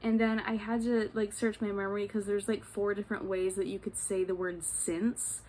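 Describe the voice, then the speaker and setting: A woman's voice: medium pitch, little pitch movement, normal speed, a little mellow, slight background noise. A woman from the United States recording a casual travel vlog at home, chatty and full of fillers, swearing freely. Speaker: travel vlogger.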